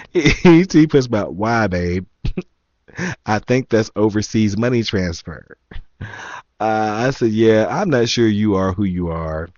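Low-voiced man telling an amused story. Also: lively intonation, slow, long pauses, a little mellow, no echo. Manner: amused, laughing, reads messages aloud wryly. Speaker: vlogger. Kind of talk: casual storytelling to camera. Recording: slightly dull, lo-fi sound.

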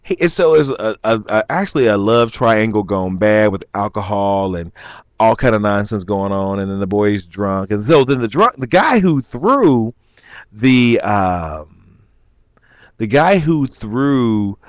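A man casually telling a story in an animated way, chuckling and acting out what people said. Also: lowish voice, moderate pace, clear, resonant tone, no echo. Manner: animated, chuckling, acts out quotes.

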